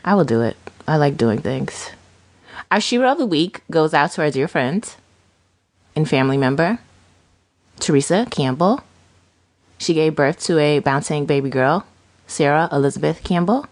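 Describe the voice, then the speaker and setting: A woman co-hosting a casual chat podcast, telling stories with animated acted-out quotes. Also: sits low, normal speed, pauses often, no echo. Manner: animated storytelling, acts out quoted voices. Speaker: podcast co-host.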